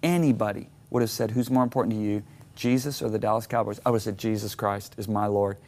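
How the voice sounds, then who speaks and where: Speaking fast in a lowish voice, this middle-aged author from Michigan shares a personal story as an interview-show guest. He's animated, performing his own reactions as he goes.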